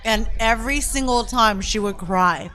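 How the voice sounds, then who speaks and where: A woman's voice: on the high side, moderate pace, soft background music. Chatty young woman wrestler guest. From United States. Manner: lively, story-telling, many likes and you knows. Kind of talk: casual interview chat.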